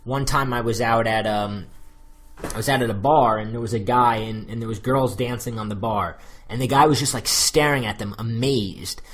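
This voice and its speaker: A man's voice: medium pitch, fairly even intonation, normal speed, a bit bright. An American man coaching on dating in a loose, chatty monologue full of fillers. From United States. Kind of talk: casual spoken advice monologue.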